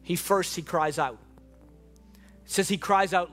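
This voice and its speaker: A man with a high, bright voice preaches a sermon to a church congregation. He moves between hushed, reflective passages and impassioned, shouted appeals, with soft music under him. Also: unhurried. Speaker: pastor. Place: church hall with live and online congregation.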